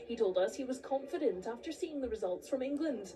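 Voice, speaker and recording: A woman reporting the news in a formal, crisp broadcast manner. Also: a little high, animated, fairly quick, hardly any pauses, distant mic.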